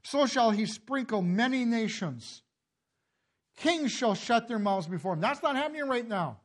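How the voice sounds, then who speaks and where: A man preaching a sermon and reading scripture, impassioned, swinging from loud calls to low, hushed lines, often coughing and clearing his throat. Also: lively intonation, normal speed. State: emotional, tearing up. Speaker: pastor.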